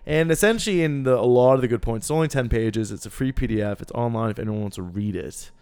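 A young man, a student, chatting as a podcast guest, eager to explain things and quick to mock himself. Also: mid-range voice, a little mellow, clean tone, no echo. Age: young adult. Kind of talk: casual podcast chat.

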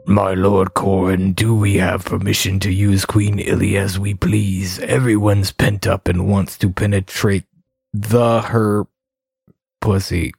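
A man doing a gruff boar warrior. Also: low-pitched, level tone, takes it slowly, a little mellow, no echo, clean studio sound, voice pushed down, exaggerated voice. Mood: reporting.

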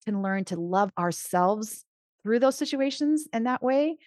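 A middle-aged woman who works as a Christian life coach, speaking in a casual podcast conversation. She is earnest and animated, often restarting her sentences. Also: on the high side, a little slow, dry recording, clean studio sound.

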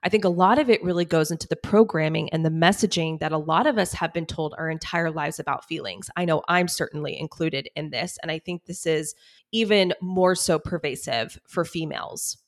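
A woman's voice: sits low, a little fast. A woman hosting a solo podcast, talking earnestly and conversationally about feelings, with casual fillers like "y'all" and "like.". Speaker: podcast host, coach.

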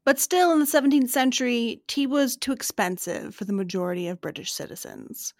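A woman co-hosting a history podcast, reading her notes and scholars' quotes in a steady, even way. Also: on the high side, brisk, dry recording, clean studio sound. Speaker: podcast co-host.

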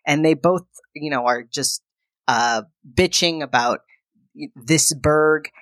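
A woman's voice: sits low, slow pace, no echo, studio quality. A woman co-hosting a podcast, casually recapping a film and acting out the characters' lines. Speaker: podcast co-host.

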